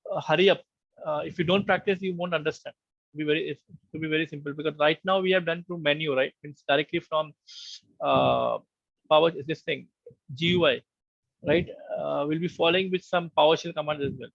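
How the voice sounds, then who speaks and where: A man teaches a live online class in a patient, conversational tone. His voice sits a touch high and has a gravelly edge. The sound is dry and a little muffled, like an online meeting call. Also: steady tone, a little fast, no echo. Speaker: online course instructor.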